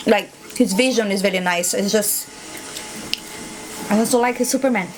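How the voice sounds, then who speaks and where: A woman's voice: medium pitch, moderate pace. A woman chatting casually to herself while reacting to a film at home, muttering asides as she watches. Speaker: movie reaction host. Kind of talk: casual movie reaction commentary. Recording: noisy home recording with background hiss.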